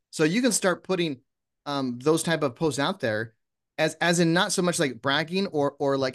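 A man talking as a guest in a casual interview, lively and often acting out example posts. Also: a little high, normal speed. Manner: animated, acts out sample posts in voices. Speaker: podcast guest.

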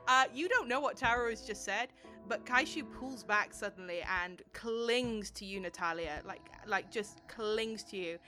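A woman narrates a tabletop game as game master in a friendly manner. Her voice is bright and sharp. Faint music plays underneath. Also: fairly high pitch, moderate pace, few pauses.

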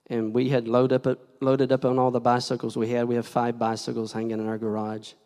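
An older male pastor preaching a sermon with an altar call in a church, slow and deliberate, dropping to hushed near-whispers and rising to loud shouts. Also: medium pitch, completely flat delivery. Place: church sanctuary. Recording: long reverb of a large hall.

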